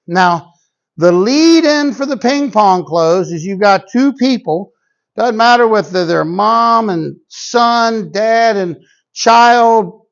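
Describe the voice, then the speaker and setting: A man explains a sales close in a folksy, plain-spoken way, stopping to act out what a couple would say. His voice sits high for a man. The recording sounds dull and lo-fi. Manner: folksy, plain-spoken, acts out customer dialogue. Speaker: sales trainer. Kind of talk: instructional talk to salespeople.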